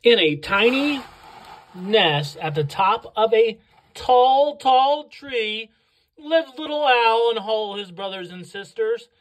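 A woman reading a picture book aloud to children, slow and expressive on the sound words. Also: on the high side, rough recording. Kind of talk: read-aloud storytelling for children.

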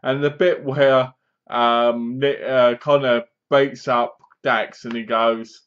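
A man's voice: mid-range voice, takes it slowly, pauses often. Rambling young man, lo-fi. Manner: rambling, chatty retelling with fillers like "basically" and "like". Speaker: film reviewer. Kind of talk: casual spoken movie review.

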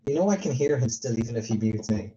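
A man's voice: medium pitch, animated, fast talker, warm tone. A young man streaming with friends, singing a repetitive counting song and chatting casually. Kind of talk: casual chat. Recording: dull lo-fi voice chat audio.

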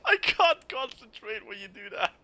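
High, bright young man in sweary mock-Scottish banter. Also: sing-song, normal speed. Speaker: gamer co-host. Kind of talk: casual gaming commentary.

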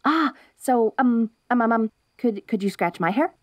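A woman's voice: fairly high pitch, animated, a little slow, no echo. A young woman voicing a perky, curious wolf girl in an ASMR role-play, bubbly and giggly with restless chatter.

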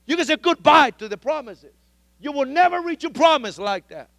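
A male pastor preaching a sermon, fervent and emphatic, repeating his exhortations and rising at times to shouted pleas. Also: extremely high pitch, expressive, moderate pace, no room sound.

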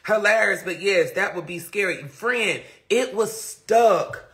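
A man's voice: sits high, slow pace. A man live-streaming casually, telling stories to viewers in a sassy, dramatic way. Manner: animated, dramatic storytelling with lots of laughing; sassy, slangy, talks straight to viewers. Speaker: livestreamer.

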